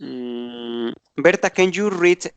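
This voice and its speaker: A man's voice: mid-range voice, animated, slow pace, clear, resonant tone. A man teaching an online English grammar class, explaining patiently and often checking in with tag questions.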